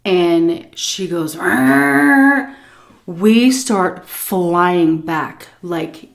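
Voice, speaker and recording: A woman telling a casual story-time tale as a food vlogger, animated and full of fillers, acting out scenes as she goes. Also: fairly low pitch, very slow. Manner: animated, lots of fillers and laughs, acts scenes out.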